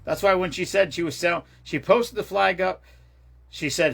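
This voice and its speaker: Husky, rambling livestream host. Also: male voice, on the high side, moderate pace, sharp tone. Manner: rambling, profane, with many restarts and trailing off. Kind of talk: casual livestream chat.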